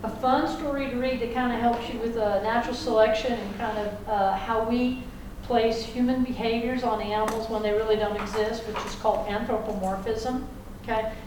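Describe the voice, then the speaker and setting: A woman's voice: a little high, fairly even intonation, normal speed, background noise. Chatty woman teaching a class. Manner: chatty, folksy, checks in with "okay?" often. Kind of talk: classroom lecture. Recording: echoey classroom from far off.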